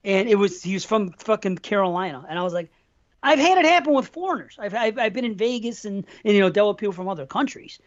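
A man's voice: high voice, animated, fast. A middle-aged man from New York State holds the floor on a casual podcast and tells a long, rambling story. He swears freely and keeps looping back and restarting his thoughts. The recording sounds dull and lo-fi. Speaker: podcast co-host. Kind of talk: casual chat.

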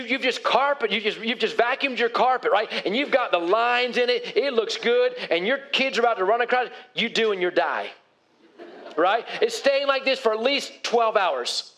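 A man's voice: extremely high pitch, sharp tone. A male pastor preaching a sermon in a conversational way, putting questions to his congregation.

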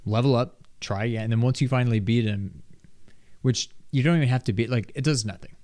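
A man chatting casually with a friend about video games. He thinks out loud, takes his time, and often trails off or hedges mid-thought. His pitch sits in an ordinary middle range. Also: brisk.

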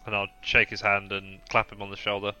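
A man's voice: lowish voice, monotone, a little fast, bright, forceful tone, smooth, lo-fi sound, faint music behind. A man taking part as a player in a tabletop game, talking hesitantly with many ums. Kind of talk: casual tabletop game chat.

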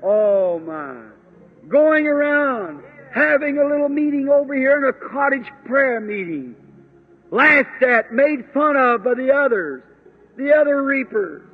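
High, husky old-time preacher on tinny tape. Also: male voice, lively intonation. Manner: fervent, slow and drawn-out, with exclamations. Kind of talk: sermon.

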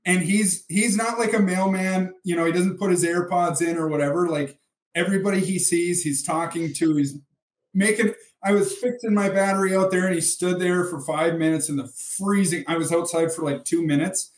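A man's voice: sits high, steady tone, normal speed, recorded from a distance. A young man co-hosting a casual podcast, venting with heavy swearing. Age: young adult. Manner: profane, irritated venting. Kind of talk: casual chat. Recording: roomy, off-mic.

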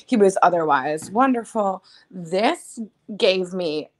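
A woman's voice: fairly low pitch, animated, slow pace. A woman guest in an interview, earnestly describing herself and her experience. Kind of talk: casual interview.

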